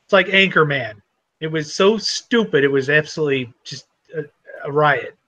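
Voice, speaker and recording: A man's voice: fairly high pitch, lively intonation, moderate pace, sharp tone. A man co-hosting a casual podcast chat, joking and teasing the others.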